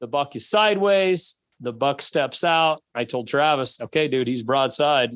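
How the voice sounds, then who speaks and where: A man telling a hunting story in a casual, animated way, acting out shots and bits of dialogue. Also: medium pitch, a little slow.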